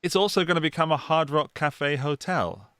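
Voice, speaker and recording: Smooth-voiced chatty man, dry close mic. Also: on the high side, moderate pace, fairly bright tone, dry recording. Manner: chatty, enthusiastic. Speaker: podcast co-host. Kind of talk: casual chat. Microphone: studio podcast mic.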